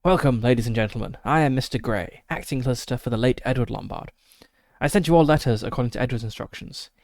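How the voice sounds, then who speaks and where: A smartly suited aging solicitor, blunt and businesslike, with a gravelly, crackling edge to his voice, as a man puts him on. His manner stays formal and courteous, and the sound is close and dry. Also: mid-range voice, quick pace, a little mellow, no room sound, natural voice.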